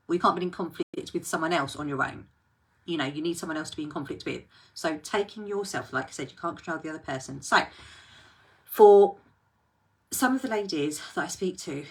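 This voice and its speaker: A woman with a lowish, husky voice talks to the camera as a coach. She thinks aloud in an earnest way and speaks directly to the viewer. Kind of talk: reflective talk to camera.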